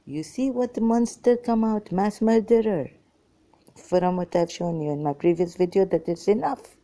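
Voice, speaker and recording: Speaking to camera, an ex-Muslim vlogger rambles through a scattered, exasperated monologue that hops from topic to topic. Her voice is mid-range and mellow, and she takes her time.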